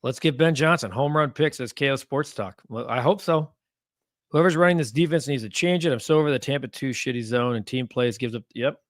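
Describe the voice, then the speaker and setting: A man's voice: medium pitch, dry recording, studio quality. A man hosting a casual live sports talk stream, reading comments and getting heated as he rants. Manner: animated, gets heated and rants.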